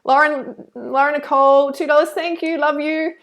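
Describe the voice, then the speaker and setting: High-voiced woman chatting on a live stream. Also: steady tone, normal speed, hardly any pauses. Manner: effusive, chatty, thanks donors warmly; earnest and preachy when campaigning. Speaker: live stream host reading super chats.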